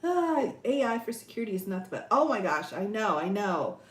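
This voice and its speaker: A woman's voice: mid-range voice, sing-song, brisk, reverberant. A woman hosting a casual livestream, reading viewer comments aloud, laughing often and exclaiming "oh my goodness.". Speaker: livestream host.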